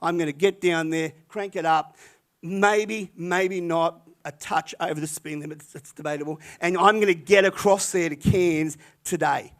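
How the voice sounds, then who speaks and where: An older man, a retired pastor, telling a story in a sermon in a chatty, animated way with many restarts. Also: a little high, normal speed.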